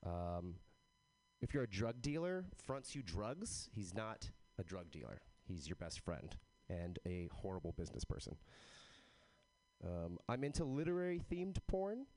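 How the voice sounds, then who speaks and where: A man doing a stand-up set, telling jokes in a deadpan, halting way with many fillers and pauses. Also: on the low side. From Texas. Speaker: comedian. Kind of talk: stand-up set at an open mic.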